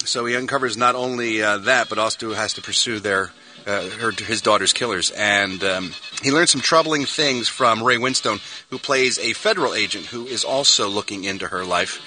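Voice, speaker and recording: A man's voice: fairly low pitch, moderate pace, pushed and bright, rough recording. A middle-aged man reviewing movies on a radio show, sarcastic and exclamatory.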